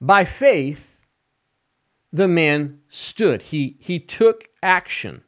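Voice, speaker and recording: A male evangelist preaches on his podcast at an unhurried, deliberate pace. His voice sits a little high for a man, and he leans hard on key words to drive each point home. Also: lively intonation. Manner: slow, emphatic preaching with rising stress on key words. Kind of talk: podcast sermon.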